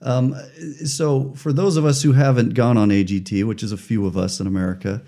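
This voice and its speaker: A man's voice: lowish voice, steady tone, fairly quick, warm tone. A man interviewing a guest in a casual, chatty way, asking rambling questions.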